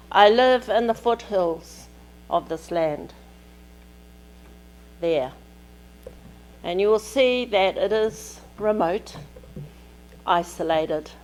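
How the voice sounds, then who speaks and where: Slow, measured New woman lecturing. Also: on the low side, low-quality recording. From New Zealand. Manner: measured, deliberate phrasing in short pieces. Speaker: keynote lecturer. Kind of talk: academic keynote lecture. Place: lecture hall at a conference.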